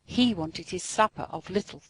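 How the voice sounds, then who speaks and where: A woman narrating a classic storybook aloud in an expressive, sing-song way. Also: on the low side, normal speed, husky, dry recording, low-quality recording.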